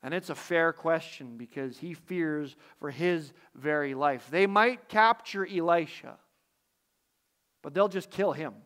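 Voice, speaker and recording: Guy preaching a sermon, kinda high voice, thoughtful, lots of questions to the crowd. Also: a little slow, fairly bright tone. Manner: reflective, with rhetorical questions.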